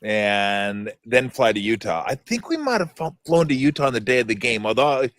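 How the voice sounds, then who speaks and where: A man's voice: mid-range voice, very animated, normal speed, a bit bright, dry recording. A middle-aged man hosting a casual sports talk show, telling stories animatedly and laughing often. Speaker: podcast host.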